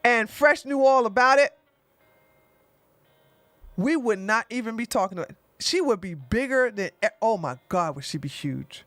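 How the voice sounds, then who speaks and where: A woman's voice: fairly high pitch, lively intonation, moderate pace, fairly bright tone, no echo, faint music behind. Chatty woman livestream host. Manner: chatty, exclamatory, thanks viewers by name. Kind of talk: casual livestream commentary.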